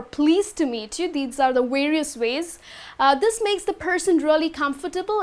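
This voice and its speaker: A young woman speaks with a high, light voice as she teaches an English lesson to her viewers. She explains each phrase step by step, pausing often to check they follow with a quick "okay?".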